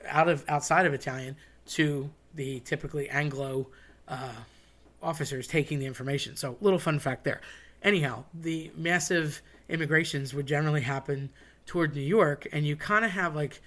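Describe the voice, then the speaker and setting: A man's voice: fairly high pitch, fairly bright tone. Chatty, digressive man. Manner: chatty, digressive, wry asides. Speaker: host. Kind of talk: casual monologue.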